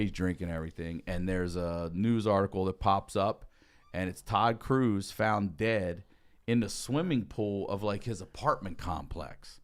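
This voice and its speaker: A man telling casual, profane stories as a podcast guest, acting out what people said. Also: fairly low pitch. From Baltimore. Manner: profane, animated, acts out quotes. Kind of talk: casual storytelling.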